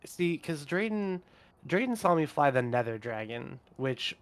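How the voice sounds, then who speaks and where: A man in casual gaming chat on a voice call, getting excited and talking fast about what he likes. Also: fairly high pitch, no echo. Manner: excitable, talks fast when hyped. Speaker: podcast co-host.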